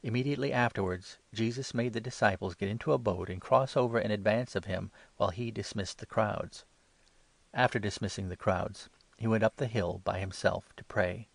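A man narrating a scripture reading in a steady, measured way. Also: lowish voice, gravelly, no echo.

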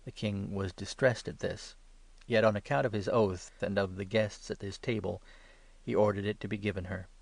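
A man narrating a scripture reading in a steady, measured way. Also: fairly low pitch, vocal fry, dry recording.

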